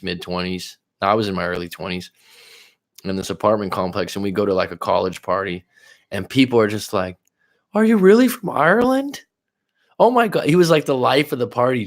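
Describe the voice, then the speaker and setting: Low gravelly man chatting live. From California. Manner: reads viewer comments aloud and answers them; loose, rambling, with fillers and restarts. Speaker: relationship coach hosting a live stream. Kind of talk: casual live-stream chat.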